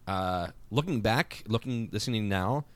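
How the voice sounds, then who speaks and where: A man with a Philadelphia accent, a podcast guest telling stories in a playful, animated way. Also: fairly low pitch, measured pace, no room sound. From Philadelphia area. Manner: animated storyteller, playful, self-deprecating. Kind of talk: casual podcast chat.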